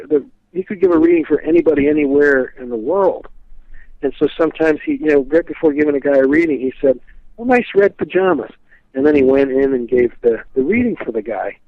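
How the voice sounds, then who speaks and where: A man's voice: on the high side, no echo. Rambling man on a tinny phone line. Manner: rambling, full of "you know" and restarts. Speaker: guest expert on a historical psychic. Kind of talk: casual storytelling interview answers.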